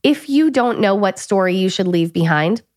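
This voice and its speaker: A woman co-hosting a podcast, giving earnest advice in casual chat and slowing down for emphasis. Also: mid-range voice, lively intonation, a little mellow, no echo, clean studio sound. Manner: earnest, advising, slows for emphasis. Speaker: podcast co-host.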